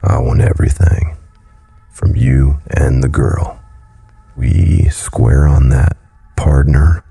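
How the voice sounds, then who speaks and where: A man voicing a menacing monstrous creature in a raspy, gurgling voice with a slow Texas drawl. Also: extremely low pitch, fairly even intonation, dark tone, faint music behind, full character voice.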